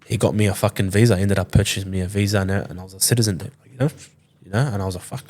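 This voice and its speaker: A man's voice: sits low, fairly even intonation, racing, darkish tone. A man in his twenties, a podcast guest telling a story casually, swearing often and acting out what others said. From Sydney, Australia. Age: 20s. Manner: loose, swears often, acts out quoted dialogue.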